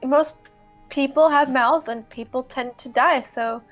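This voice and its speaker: A woman's voice: sits high, unhurried, faint music behind. A woman co-hosting a game commentary, teasing the others in a dry way. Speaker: commentary co-host. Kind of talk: casual let's-play banter.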